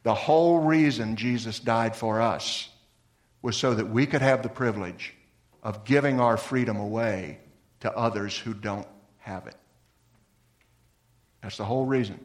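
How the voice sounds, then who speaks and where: A man's voice: a little slow, long pauses. Man preaching an earnest sermon. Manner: earnest, swings from lively emphasis to soft low-voiced appeals. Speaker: pastor.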